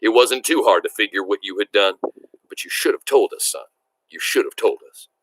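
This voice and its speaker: A man reading aloud, voicing a booming, kind rural father in a novel. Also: moderate pace, a bit bright, slight background noise. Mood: hearty. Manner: booming, hearty.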